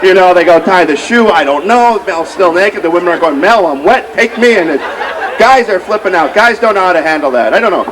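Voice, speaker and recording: A man's voice: high voice, lively intonation, fairly quick. A man in his thirties doing a rambling, self-mocking stand-up set and emceeing from an outdoor stage. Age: 30s. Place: outdoor street fair stage. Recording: noisy outdoor crowd recording. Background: crowd noise.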